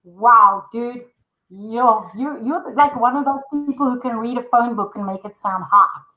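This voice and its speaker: Bubbly Afrikaans-accented female guest, high voice, echoey room on a video call. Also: a little slow, bright, forceful tone, muffled recording. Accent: South African, Afrikaans. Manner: bubbly, teasing, mixes Afrikaans into English. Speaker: guest, awards organiser. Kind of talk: playful live-stream chat.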